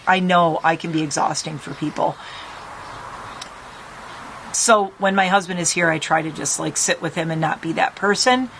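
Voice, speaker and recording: A middle-aged woman vlogging casually from her rural home, talking in a rambling, animated way. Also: lowish voice, low-quality recording. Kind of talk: casual chat. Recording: faint background noise.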